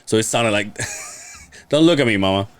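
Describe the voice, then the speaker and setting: A man's voice: lowish voice, expressive, normal speed, fairly bright tone, smooth. A man co-hosting a casual podcast, telling stories in a rambling way with frequent laughter and stumbles. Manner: rambling, laughs often, stumbles over words. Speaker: podcast co-host. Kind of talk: casual chat.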